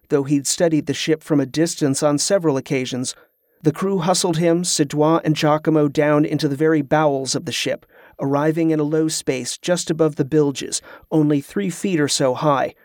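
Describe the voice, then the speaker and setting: A man narrating an adventure novel in an even, measured storytelling manner. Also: on the high side, no echo, studio quality. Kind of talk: audiobook narration.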